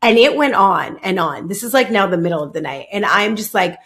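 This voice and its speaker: Woman podcast host, casual storytelling, mid-pitched voice, hesitant and filler-heavy delivery. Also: lively intonation, fairly bright tone. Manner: halting, heavy use of "like", many restarts.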